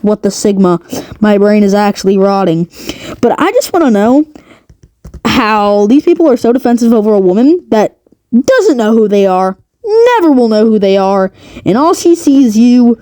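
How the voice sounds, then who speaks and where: A woman's voice: fairly high pitch, mellow. A woman giving a rambling, sarcastic commentary rant as a video creator. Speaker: commentary youtuber. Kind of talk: ranting commentary.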